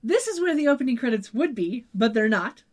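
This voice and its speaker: A woman's voice: fairly high pitch, sing-song, brisk. A young woman co-hosting a podcast in a slightly raised voice. She rambles through a casual recap, describing scenes in detail and dropping the odd swear word along the way. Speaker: podcast co-host.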